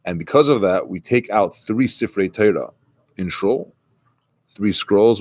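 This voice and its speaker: A man's voice: fairly low pitch, animated, measured pace, darkish tone, dry recording. A man who is a rabbi, giving a conversational sermon and retelling a story with quoted dialogue.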